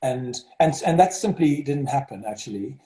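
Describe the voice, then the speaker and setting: A man's voice: medium pitch, lively intonation, normal speed, warm tone. A man from South Africa with a South African accent, a headmaster talking in an interview, hesitant with many fillers and restarts. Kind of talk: interview over video call. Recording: roomy echo.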